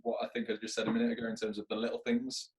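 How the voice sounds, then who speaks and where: A man's voice: medium pitch, flat delivery, rapid-fire, slight background noise, poor audio. A man talking earnestly and reflectively as a guest in a casual podcast chat, laughing easily. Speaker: podcast guest, actor and business owner.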